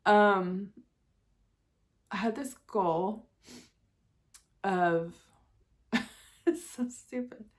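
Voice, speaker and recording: A woman's voice: medium pitch, extremely slow, pauses often. A woman in her forties, possibly, chatting candidly and emotionally to her viewers in a casual vlog, laughing at herself now and then. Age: 40s. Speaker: vlogger. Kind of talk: casual personal chat to camera.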